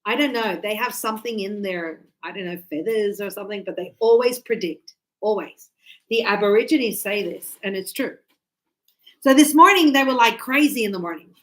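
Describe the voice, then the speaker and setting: A woman teaching a class, chatty and animated, acting out birds and her students as she explains. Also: mid-range voice, moderate pace, low-quality recording. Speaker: English teacher.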